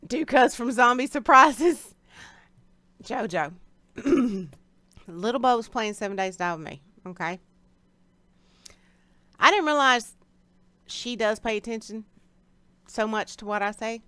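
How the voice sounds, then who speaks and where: A woman's voice: fairly high pitch, expressive, a little slow, long pauses, bright, forceful tone, dry recording. A woman hosting a live stream in a casual, chatty way, greeting viewers by name and answering them directly. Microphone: streaming setup.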